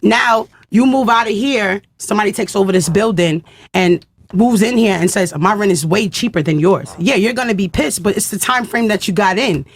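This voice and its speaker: A woman's voice: medium pitch, moderate pace. A woman, a guest on a podcast panel, insisting on her point and repeating herself to hold the floor. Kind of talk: heated panel debate.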